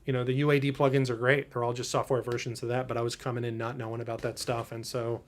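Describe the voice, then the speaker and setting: A man's voice: medium pitch, little pitch movement, fast talker, slight background noise. A man hosts a drum livestream from his drum room, chatting casually with viewers. He rambles and halts, full of fillers and restarts. He is picked up by studio mics. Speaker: drummer hosting a livestream. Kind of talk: casual livestream chat reading viewer comments. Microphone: studio mics through a preamp.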